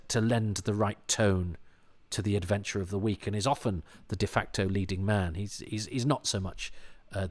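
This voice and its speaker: A British man chatting casually on a podcast, full of false starts and repeated words, with chuckling asides. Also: fairly low pitch. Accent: British English. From Britain. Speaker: podcast commentator. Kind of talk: casual chat.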